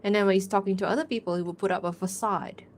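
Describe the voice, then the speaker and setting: A woman's voice: medium pitch, steady tone, fast. Young woman streamer, rambling and chatty, laughs easily, light background hiss. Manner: rambling, chatty, many "like" fillers, laughs often. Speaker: artist streaming a drawing Q&A. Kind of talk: casual livestream chat while drawing.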